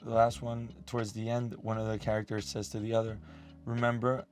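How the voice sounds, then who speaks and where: A Colombian musician whose first language is Spanish chats as a guest in a casual studio interview. His voice is lowish and brisk, with faint music in the background, and he sounds relaxed and reflective, using many fillers, especially "like."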